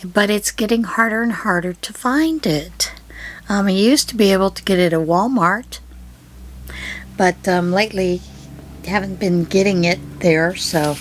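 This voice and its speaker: A middle-aged woman hosting her own yarn channel, chatting through her mail in an unhurried, rambling way with many pauses and fillers. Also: mid-range voice, a little hiss or hum. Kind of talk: casual unboxing chat.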